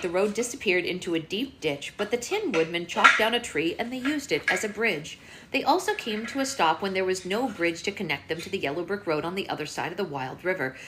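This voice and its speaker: A woman's voice: lowish voice, heavy background noise. A woman on a phone mic reading a children's novel aloud live, casually breaking off to play with a baby.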